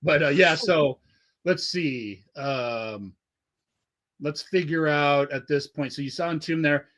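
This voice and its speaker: A man's voice: fairly high pitch, slow pace, a bit bright. Profane, laughing man podcast host. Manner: profane, rambling, laughs often. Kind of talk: casual podcast chat. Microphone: remote call audio.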